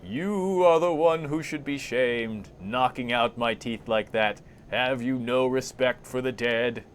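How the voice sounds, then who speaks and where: A man's voice: mid-range voice, slow pace, a little hiss or hum, pitched above the performer's own voice, lightly acted. A man voicing a corpse that threatens to haunt someone, then begs for mercy in a theatrical wail. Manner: pleading, theatrical wailing. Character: whining, wailing haunting corpse voice.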